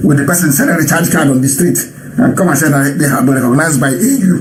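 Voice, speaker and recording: A man's voice: a little high, fast talker, a little hiss or hum, low-quality recording. A man hosting a live broadcast, giving impassioned political commentary, mocking his critics and laughing as he lectures his listeners. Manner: mocking, often laughing mid-sentence; preachy, addresses listeners directly.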